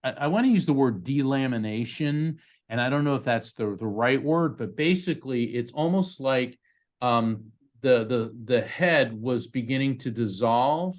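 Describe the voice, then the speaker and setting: A man working as a psychic medium, giving a live reading to a participant over a video call in a quick, conversational way, often restarting his sentences. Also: mid-range voice. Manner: fast, restarting, conversational delivery.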